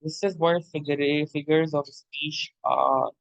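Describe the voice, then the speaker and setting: A man's voice: a little high, steady tone, slow, gravelly, no room sound, lo-fi sound. A male literature teacher giving an explanatory lecture, repeating points and checking in with "okay?" and "my dear.". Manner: addresses listener as "my dear".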